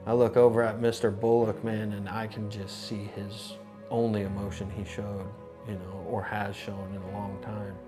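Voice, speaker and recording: A low-voiced man recounts his experience for a documentary, talking in a loose, conversational way full of restarts and asides. Music plays clearly underneath him. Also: moderate pace. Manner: conversational, animated, with many restarts. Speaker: insurance adjuster. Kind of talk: documentary storytelling.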